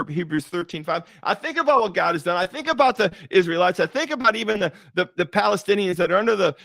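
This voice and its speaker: A middle-aged man delivers a faith-based motivational talk in a fairly high voice. He hammers his points home through repetition, with the rolling cadence of a preacher. The sound is close and dry, with no room around it. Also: vocal fry, fairly bright tone, no room sound. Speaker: motivational speaker.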